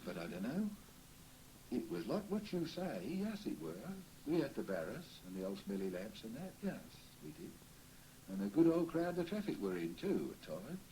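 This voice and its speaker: A cheery old Cockney barrow boy's spirit, as a man in a séance puts him on, rambling through his memories with chuckles. His voice has a warm, mellow tone, and his pitch swings up and down as he talks, in a folksy, chatty way. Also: very animated, moderate pace, a little hiss or hum, lightly acted, poor audio. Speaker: trance medium. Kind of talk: séance trance communication.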